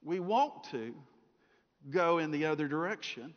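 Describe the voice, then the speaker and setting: A man's voice: fairly high pitch, animated, a little slow. A middle-aged man preaching a sermon, telling stories and acting out the voices in them. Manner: storytelling, acts out voices in anecdotes. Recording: dull sound in a reverberant hall.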